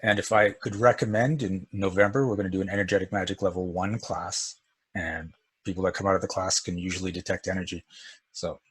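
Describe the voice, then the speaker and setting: A man's voice: low voice, steady tone, brisk, slightly rough. A man teaching an energy work session in a casual, storytelling way, chuckling often.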